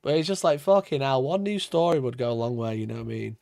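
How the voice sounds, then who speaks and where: Ranting on his live stream, this Yorkshire-accented wargaming streamer from Sheffield, England, talks casually and swears and laughs a lot. He speaks fast and expressively in a mid-range, slightly mellow voice with vocal fry, recorded dry at studio quality.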